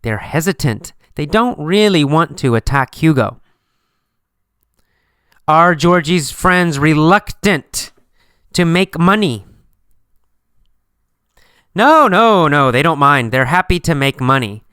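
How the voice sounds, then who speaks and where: Slow, clear-voiced man teaching English. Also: on the high side, lively intonation, sharp tone, dry recording, clean studio sound. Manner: asks questions and answers them himself, slow and repetitive. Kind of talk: question-and-answer story lesson.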